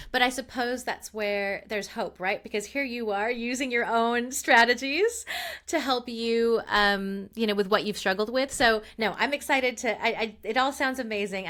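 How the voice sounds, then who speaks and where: A woman hosting a podcast interview, reflecting out loud with a few fillers as she responds to her guest. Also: fairly high pitch, normal speed. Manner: reflective, thinks aloud with fillers. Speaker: podcast host. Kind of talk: conversational interview.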